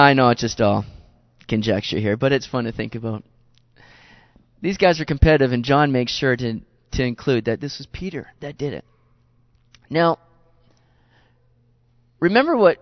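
A man's voice: mid-range voice, dry recording. Earnest, conversational male preacher, dry and muffled lo-fi sound. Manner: chatty and earnest, with frequent repeated words and asides. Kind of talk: conversational sermon. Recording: dull lo-fi recording, dry.

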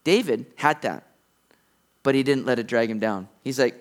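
A middle-aged male pastor preaching a sermon, animated, acting out the lines of the characters in the story he tells. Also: medium pitch, moderate pace.

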